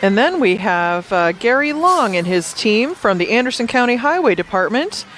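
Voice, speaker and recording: A woman's voice: a little high, sing-song, moderate pace, fairly bright tone. A woman calls a night-time street parade live, trading easy banter and reading sponsor blurbs. She sounds chatty and amused. Faint vehicle noise hums in the background. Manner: chatty and amused, laughing often between scripted reads. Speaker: parade commentator.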